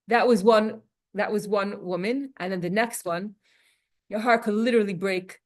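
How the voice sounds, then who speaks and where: A woman's voice: mid-range voice, brisk. A woman teaching a Torah class in a casual lecture style, telling personal stories and repeating phrases for emphasis.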